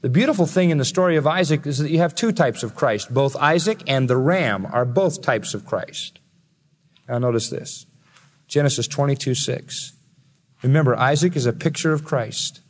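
A man preaching a sermon as pastor, emphatic, building to loud peaks and slowing down to stress key words. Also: medium pitch, lively intonation. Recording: long reverb of a large hall.

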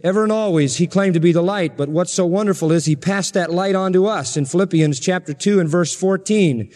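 A man's voice: sits high, fairly quick, darkish tone, in a large hall. A man preaching a sermon as pastor in a church, emphatic and insistent with repeated phrases.

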